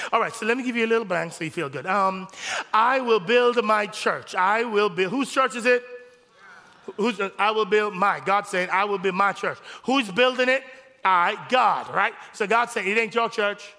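A male pastor preaching a sermon, rising to shouts on key phrases in call-and-response style, in a church sanctuary. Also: sits high, normal speed, long reverb tail.

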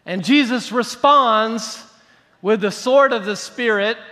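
A man preaching in a high, bright voice that carries through a church hall with a long echo. He is animated and sometimes pokes fun at overdone prayer habits. The sound is roomy, heard from the congregation's side. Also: slow. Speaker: pastor. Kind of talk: sermon. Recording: reverberant hall.

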